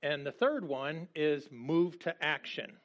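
A man preaching a sermon in a conversational, halting way, with frequent restarts and lively quoting. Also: a little high, dull audio. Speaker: pastor.

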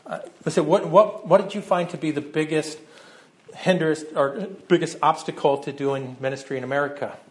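A man's voice: fairly high pitch, steady tone, moderate pace. A middle-aged man preaching a sermon in a conversational way, often repeating words as he starts his sentences. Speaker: pastor.

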